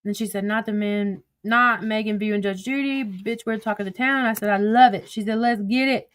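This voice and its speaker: A woman's voice: medium pitch, a little fast, no echo. A woman streaming casual commentary, reading text messages aloud in a profane, gossipy way and laughing often. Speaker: social media streamer.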